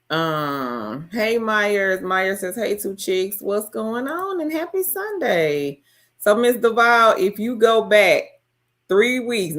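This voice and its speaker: A woman's voice: on the low side, a bit bright. A woman hosting a casual live stream, greeting each viewer by name and reading out their comments.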